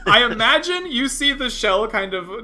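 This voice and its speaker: A man narrating as game master for a tabletop game, unhurried and hesitant with fillers. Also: very high-pitched, big pitch swings, a loud crowd.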